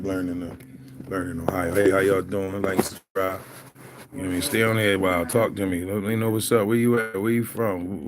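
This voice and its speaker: A young man from Philadelphia with a Philly accent, rambling casually and talking straight to viewers on his livestream. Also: deep voice. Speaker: livestream host.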